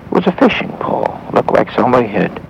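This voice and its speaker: A man telling a Christian story in a halting way, with pauses and restarts. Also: medium pitch, big pitch swings, gravelly, highs cut off, a little hiss or hum. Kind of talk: spoken Christian story for listeners.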